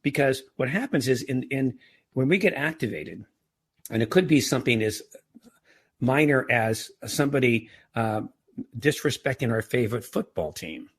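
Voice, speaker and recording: A middle-aged man appears as a guest on a podcast, chatting casually in a husky, medium-pitched voice at a normal pace. He often starts his sentences over and stammers out repeated words.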